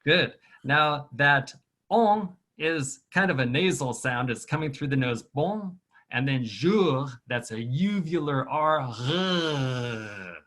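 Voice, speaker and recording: A man's voice: a little high, expressive, measured pace, fairly bright tone. A man, a children's author, leading a virtual storytime over a video call, patiently sounding out words and rhythms for kids to repeat. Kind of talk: teaching phrases and clapping rhythms to children.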